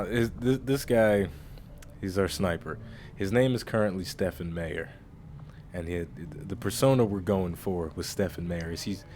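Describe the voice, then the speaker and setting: A man's voice: low-pitched, a little mellow, slight background noise. A man casually commenting on his own strategy-game playthrough in a chatty, rambling way. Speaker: let's-play host.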